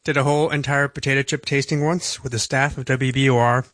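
A man co-hosts a public radio segment in a mid-pitched voice. He keeps things easygoing and joking. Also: fairly even intonation, fast, a bit bright, no room sound, clean studio sound. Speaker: radio co-host.

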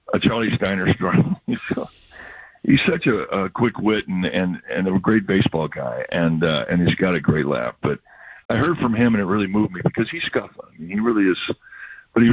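An older man with a husky, somewhat low voice talks in a reflective, rambling way, telling stories as a radio regular. The sound is dry and dull, like a lo-fi radio broadcast. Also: no echo. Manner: reflective, rambling storyteller with laughs. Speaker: baseball broadcaster, regular guest. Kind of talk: emotional casual radio chat.

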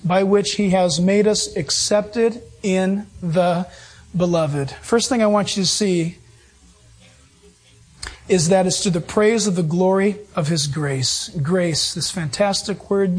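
A man preaching from the pulpit, with a high, slightly husky voice. He delivers his sermon in animated, emphatic bursts, shifting between quick and drawn-out phrases. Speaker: pastor.

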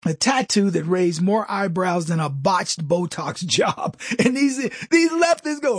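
A middle-aged man delivering a comedic political monologue, mocking and jokey, with quick asides and mimicked voices. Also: high voice, animated, husky, dry recording, studio quality. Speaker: commentary host.

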